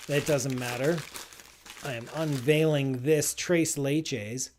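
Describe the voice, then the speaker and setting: A man's voice: mid-range voice, takes it slowly, long pauses, a little hiss or hum. A man hosting a live science show, talking loosely and chatting with playful enthusiasm, with lots of "like" and restarts. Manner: playfully enthusiastic food tasting. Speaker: astrophysicist host of a live call-in space show. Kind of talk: casual live-stream chat.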